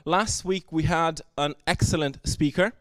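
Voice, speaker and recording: High-voiced preacher, dry sound. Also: male voice, fairly even intonation, measured pace, no echo. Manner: earnest, swings from soft to loud and emphatic. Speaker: pastor. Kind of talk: sermon. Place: church service.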